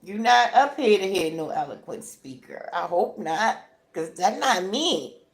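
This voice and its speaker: Woman, crying while talking, slow unhurried pace, emphatic and repetitive, motivational talk to camera. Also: mid-range voice, sing-song. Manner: emphatic, repetitive, keeps asking "right?". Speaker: vlogger.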